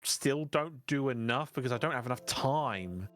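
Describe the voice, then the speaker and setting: A relaxed British man chats as a guest in a casual online interview, speaking at a middle pitch. He is playful and easygoing, rambling a little and restarting his sentences. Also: moderate pace, faint music behind. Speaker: guest VTuber.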